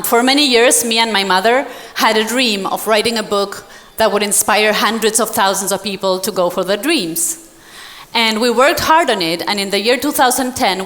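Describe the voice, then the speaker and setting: A woman speaker telling a personal story to an audience in a dramatic way, acting out the voices of other people. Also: a bit bright. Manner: dramatic, acts out dialogue with big pitch swings. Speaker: motivational speaker. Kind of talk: storytelling keynote speech. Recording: long hall reverb.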